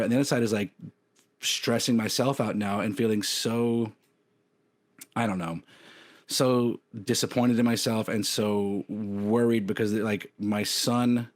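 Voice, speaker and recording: Candid rambling man in his thirties. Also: lowish voice. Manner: candid, rambling, lots of "like" and restarts. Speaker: podcast co-host. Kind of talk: casual chat.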